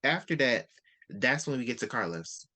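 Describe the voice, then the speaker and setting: A host in a casual book discussion, retelling the story with lively quoted character lines. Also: mid-range voice, normal speed, breathy edge.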